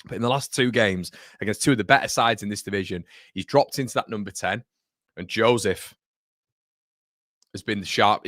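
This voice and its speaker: Reading viewer comments on his fan livestream, a host with a fairly low, fairly bright voice keeps a moderate pace broken by long pauses. His chat is casual and rambling, full of self-corrections and calls of "mate." The sound is clean studio audio without room tone.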